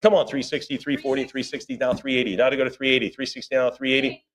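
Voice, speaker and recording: At a live sale, a male auctioneer with a medium-pitched, fairly flat voice rattles off rising bids in a rapid, rhythmic chant. He breaks off now and then for chatty asides.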